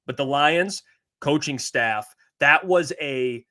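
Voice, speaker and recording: A man co-hosting a sports talk show, excitable and jokey. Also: fairly high pitch, takes it slowly. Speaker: co-host.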